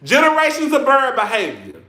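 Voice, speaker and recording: A man's voice: very high-pitched, wildly swooping pitch, normal speed, bright, forceful tone, reverberant. A man casually commenting on a reality show, sassy and dramatic, laughing often and calling his listeners girl.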